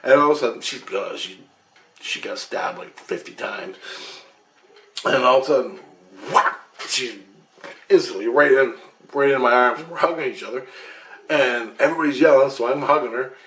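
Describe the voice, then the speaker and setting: A man's voice: medium pitch, moderate pace, long pauses, pushed and bright, slight background noise. A man telling his own story in a casual, emphatic way, swearing and restarting as he goes, recorded on a computer webcam. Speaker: vlogger recounting a past-life recall. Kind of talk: casual first-person storytelling. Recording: roomy echo.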